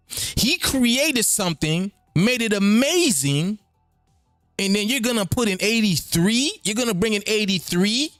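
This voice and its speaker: A man with a high voice that swings widely as he hosts, rambling and repeating himself. The sound is dry and close, with faint music underneath. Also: a little slow, no echo. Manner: animated, rambling, repeats phrases. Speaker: host. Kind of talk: freewheeling spoken commentary.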